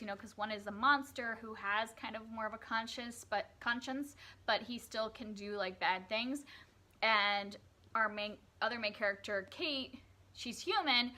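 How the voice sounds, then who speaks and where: In her laid-back book review vlog, a young woman with a slightly high, bright and forceful voice discusses what she's been reading. Her delivery is chatty and scattered with fillers and corrections.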